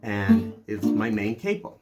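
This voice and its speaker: An older man hosting a music channel, telling a personal story in a reflective, unhurried way, with pauses and restarts. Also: on the low side, very animated. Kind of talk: casual storytelling review.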